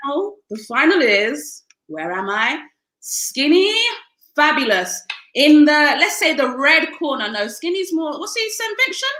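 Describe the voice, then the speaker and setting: A high-voiced woman hosting a casual live-stream interview, bubbly and quick to laugh at herself. Her tone is bright and ringing, and the room around her sounds echoey. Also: sing-song. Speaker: radio host.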